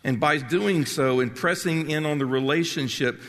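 Gravelly older preacher in an echoing hall. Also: male voice, fairly high pitch, normal speed, fairly bright tone. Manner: passionate, emphatic preaching with restarts. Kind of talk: sermon. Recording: long reverb of a large hall.

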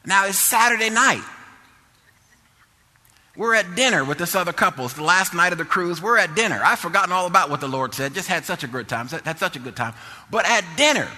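A man preaching a sermon through a personal story, dropping to low murmurs and rising to loud exhortation. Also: lively intonation, fairly quick, big-room sound.

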